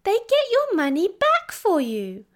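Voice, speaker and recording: A woman voicing an earnest, sad little girl in a storybook reading, in a high childlike pleading voice. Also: wildly swooping pitch, slow, a bit bright, full character voice.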